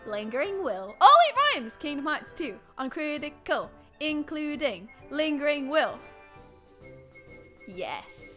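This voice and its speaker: A woman streaming a video game live, chatting with viewers and swinging between quiet muttering and excited shrieks. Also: sits high. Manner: chatty, thanks chat viewers by name. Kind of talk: live gameplay commentary.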